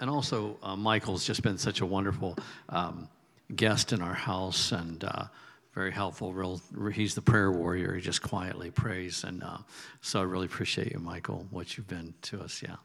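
A low-voiced man with a gravelly edge introduces a guest in church, his halting words trailing off between restarts. A long reverb hangs behind him. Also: steady tone. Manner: halting, warm-hearted, many fillers. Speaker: pastor.

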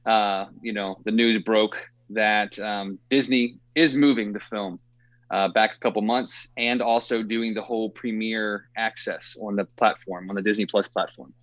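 A man's voice: lowish voice, steady tone, a little slow, a bit bright, no room sound, highs cut off. A man hosting a casual movie podcast, rambling with lots of fillers and easy laughs. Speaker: podcast host.

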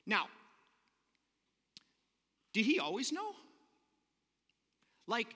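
A lively, high-voiced man preaches, his pitch leaping around as he tells the story with jokes and quick character voices. His tone is bright and sharp, and a long hall reverb trails after each phrase. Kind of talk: sermon.

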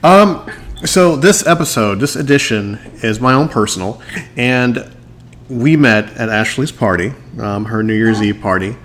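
A man's voice: medium pitch, lively intonation, measured pace, a bit bright, slight background noise. Joking male podcast host. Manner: joking, playful, rambling. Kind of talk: casual podcast chat.

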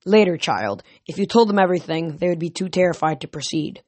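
A wise old centaur teacher, read aloud by a narrator. He speaks gravely and in a measured way, recorded dry and close. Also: medium pitch, expressive, a little mellow, no room sound, close to an everyday voice.

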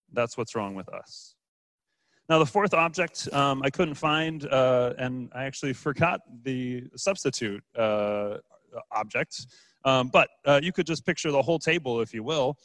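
A man's voice: medium pitch, expressive, unhurried, fairly bright tone, dry recording. A man preaching a casual, joking sermon as a pastor, with frequent fillers and restarts. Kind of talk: conversational sermon.

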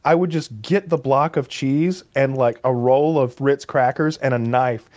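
Speaking a little slowly at medium pitch with a darkish tone, this male podcast co-host tells loose stories in a casual chat. He rambles profanely, with many fillers.

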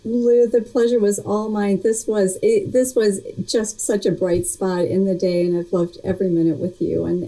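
Woman guest, super mellow dark voice, chatty, keeps restarting her sentences. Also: medium pitch, rough recording. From United States. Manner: chatty, restarts often, reflective. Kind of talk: casual remote interview chat.

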